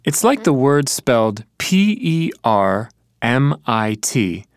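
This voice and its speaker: A man plays the answering partner in a scripted lesson dialogue, working through examples one by one. His pitch moves in an animated, wide range. The sound is close and dry, with no room around it. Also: slow pace, clean tone, dry recording. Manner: explaining examples in reply. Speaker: co-presenter.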